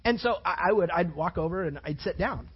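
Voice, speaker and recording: A man preaching a sermon as a pastor, telling stories in an animated way, repeating phrases and acting out what people said. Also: sits high, brisk, husky, lo-fi sound. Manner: animated storytelling, repeats phrases and acts out quotes.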